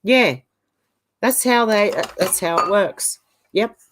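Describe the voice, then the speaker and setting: With background noise behind her, a middle-aged Australian woman reads viewer comments aloud on her live stream and responds chattily. She's getting over the flu and coughs, speaking slowly in a mid-range voice.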